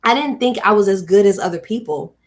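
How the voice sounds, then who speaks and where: A woman's voice: medium pitch, fairly quick, natural voice. A woman voicing a middle-aged divorced man who tells his story earnestly in a put-on accent, read aloud from a book.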